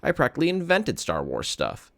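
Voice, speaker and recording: A man's voice: medium pitch, wildly swooping pitch, brisk, vocal fry, fairly bright tone, dry recording, pitched above the performer's own voice, heavily acted. A man reading aloud, voicing a friendly, upbeat ear doctor who reassures a boy in a playful way. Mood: reassuring.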